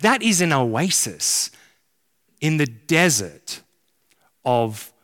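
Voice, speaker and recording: A man's voice: medium pitch, sharp tone. A man preaching a sermon as a pastor, casual and joking, full of slang. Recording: long hall reverb.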